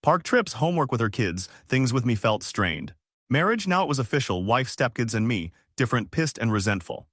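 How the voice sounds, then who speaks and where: A man's voice: medium pitch, very animated, fairly quick, a bit bright, no echo. Guy doing dramatic storytime narration, choppy little phrases, dry close sound. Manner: clipped, fragmentary phrasing, dramatic. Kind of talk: scripted first-person story narration.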